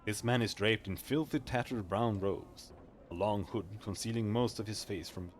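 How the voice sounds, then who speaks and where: A male streamer reading video game text aloud, quick and stumbling over words now and then. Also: on the low side, animated, a little hiss or hum.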